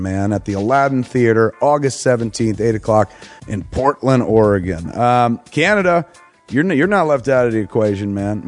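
A man's voice: medium pitch, darkish tone. A middle-aged man casually reading promo spots for his own shows, loose, crude and joking. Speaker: podcast host reading promos.

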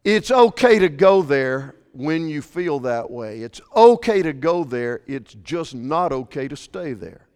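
A man preaching a sermon, swinging from fervent, raised delivery to quiet asides while reading scripture. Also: fairly high pitch, sing-song, unhurried, hardly any pauses, clean tone, big-room sound. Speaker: pastor.

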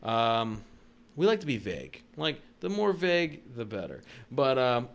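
A young man co-hosting a podcast, telling profane stories in casual chat and shouting out the lines he quotes. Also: mid-range voice, big pitch swings, unhurried, gravelly. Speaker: podcast co-host.

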